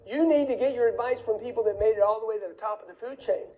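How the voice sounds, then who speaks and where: Man, higher pitch, mellow tone; blunt motivational speaker who hammers warnings and acts out dialogue. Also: fast, low-quality recording. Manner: emphatic, blunt, repeats warnings; acts out dialogue in quoted voices. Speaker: speaker on wealth. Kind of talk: motivational talk.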